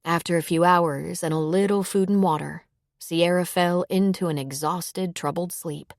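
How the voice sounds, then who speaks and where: Audiobook narrator, woman, low voice, measured and even, dry close sound. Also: no room sound.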